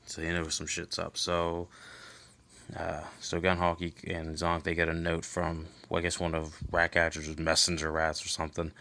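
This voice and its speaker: A man's voice: low-pitched, completely flat delivery, normal speed, bright, forceful tone. A man giving a loose, rambling recap of a comic book in casual chat, full of fillers and restarts, swearing offhandedly.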